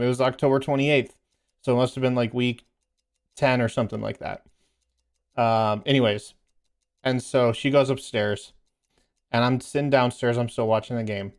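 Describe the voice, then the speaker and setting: A man's voice: mid-range voice, fairly even intonation, moderate pace. A man and parent chatting casually while playing a game, telling a story in a rambling, filler-heavy way and laughing as he goes. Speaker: gaming streamer and parent.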